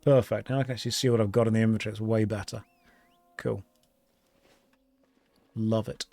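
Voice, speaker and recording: A man live-streaming an online game, chatting casually with his viewers and joking in a deadpan way while reading their messages aloud. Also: on the low side, brisk, vocal fry, dry recording.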